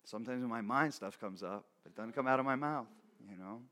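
Speaking fairly quickly in a mid-range voice with a fairly bright tone, the pastor delivers a relaxed, chatty sermon. He keeps asking "okay?", laughs between points and repeats words while restarting.

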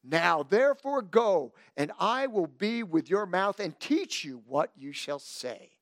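A man voicing God as a stern, mighty male deity, speaking slowly and emphatically. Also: high-pitched, very animated, dry recording, studio quality, heavily acted. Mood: thundering. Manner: slow, shouted, emphatic.

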